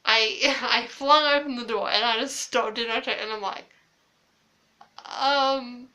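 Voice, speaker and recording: Bright chatty woman telling a story. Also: a little high. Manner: chatty, lots of fillers and quoted dialogue. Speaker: vlogger. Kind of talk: casual storytelling.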